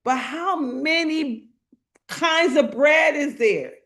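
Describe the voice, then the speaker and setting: This female motivational speaker, with a high and fairly bright tone, preaches slowly and emphatically on a livestream. She repeats herself in colloquial speech and calls out to those in the chat.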